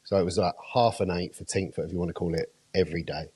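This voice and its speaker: A man hosts a podcast in casual chat. His voice sits very low and sounds husky. He speaks earnestly and with emphasis, dwelling on his points. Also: steady tone, racing, warm tone. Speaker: podcast host.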